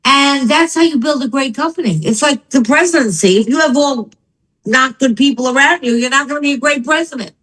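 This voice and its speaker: An older woman, a business founder and guest, telling her story in an interview with emphatic, animated delivery. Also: high-pitched, a little fast, poor audio.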